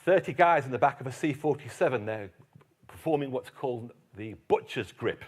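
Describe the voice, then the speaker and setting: A man's voice: mid-range voice, lively intonation, a little fast, breathy edge. A middle-aged man with an English accent tells a history story to a live audience as keynote speaker, dropping dry, teasing jokes. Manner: dry, joking asides to the audience.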